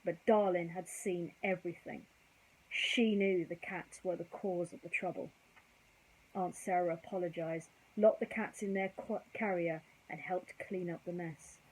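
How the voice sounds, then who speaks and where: A woman reading a bedtime story aloud, gentle and chatty, with casual asides to young listeners. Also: on the low side, fairly even intonation, measured pace, husky, poor audio.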